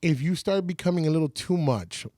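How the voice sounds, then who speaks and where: A man's voice: fairly high pitch, fairly quick, warm tone, no room sound, studio quality. A man in his forties from San Antonio, a radio personality telling stories as a podcast guest and acting out other people's lines. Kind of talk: casual storytelling.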